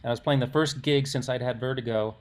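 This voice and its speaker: A man's voice: mid-range voice, fairly even intonation, fast talker. Man in his sixties telling rambling stories. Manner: rambling, self-interrupting anecdotes with acted quotes. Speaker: musician guest. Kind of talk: casual storytelling interview.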